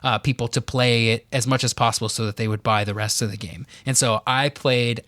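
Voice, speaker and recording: Male podcast co-host, middle pitch, loose filler-heavy explainer, hiccuping, dry close mic. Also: fairly even intonation, a little fast, fairly bright tone, dry recording. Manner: explains at length with many fillers. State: has the hiccups. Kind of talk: casual chat.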